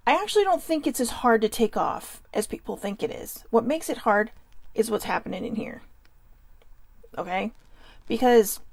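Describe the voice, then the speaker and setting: A woman's voice: medium pitch, gravelly, darkish tone, no echo. A middle-aged woman hosting a vlog, talking earnestly and confessionally to her viewers in real time, sometimes reading their comments aloud. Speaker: vlog host. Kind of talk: emotional personal livestream talk.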